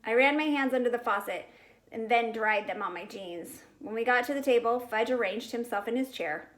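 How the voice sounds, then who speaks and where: Lady reading a kids chapter book out loud, kinda high voice, pumps up pitch for the characters. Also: moderate pace, poor audio. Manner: shifts pitch and volume for each character's lines. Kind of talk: storybook read-aloud.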